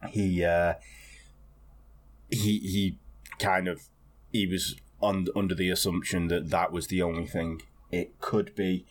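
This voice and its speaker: A man with a fairly low voice tells a story in a loose, rambling podcast chat. He is wry and offhand, dropping the odd swear word. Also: level tone, a little slow, pauses often. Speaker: podcast co-host. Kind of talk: casual chat.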